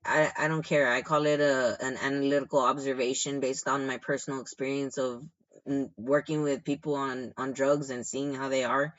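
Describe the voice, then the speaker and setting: A young man talks straight to the camera in a loose, frustrated ramble, circling back on himself and leaning on filler words. His voice sits at an ordinary middle pitch. The sound is a little dull and lo-fi. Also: little pitch movement, moderate pace, a bit bright. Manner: frustrated, rambling, many restarts and "you know". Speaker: shelter caseworker. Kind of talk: casual storytime vlog.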